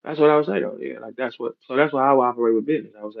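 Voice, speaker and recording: A man's voice: medium pitch, rapid-fire, creaky. Blunt, profane man with dull audio. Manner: blunt, profane, street slang. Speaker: battle rap league owner. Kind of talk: heated podcast rant.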